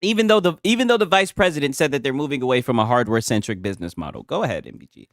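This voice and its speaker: A man hosting a stream, reacting to clips with loud, laughing, profane mockery. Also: medium pitch, lively intonation, rapid-fire, no room sound, studio quality. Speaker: livestream host reacting to clips. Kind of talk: casual reaction commentary.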